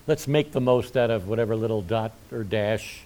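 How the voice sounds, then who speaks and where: A man's voice: on the low side, normal speed, darkish tone. A middle-aged male pastor preaching a sermon, with folksy asides between his points.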